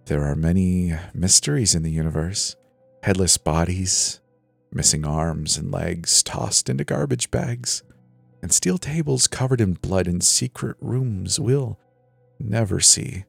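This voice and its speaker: A man's voice: mid-range voice, very animated, normal speed, a little mellow, no room sound, faint music behind, pitched above the performer's own voice. A man voicing a huge, scarred middle-aged male killer who chats jolly and then hisses in a whisper, in a spoken horror story. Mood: hissing whisper. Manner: jolly cheer turning to hissing whisper.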